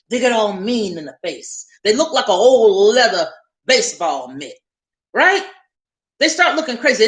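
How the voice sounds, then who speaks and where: A woman's voice: on the high side, fairly bright tone, reverberant. A woman hosting a casual livestream, talking emphatically and repeating points for effect. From Southern United States. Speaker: livestream host.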